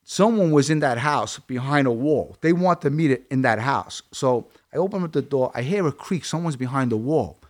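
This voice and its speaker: A man's voice: mid-range voice, animated, moderate pace, hardly any pauses. A man from Brooklyn with a Brooklyn accent, a guest telling his story bluntly in a casual interview and quoting dialogue. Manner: blunt, streetwise, quotes dialogue.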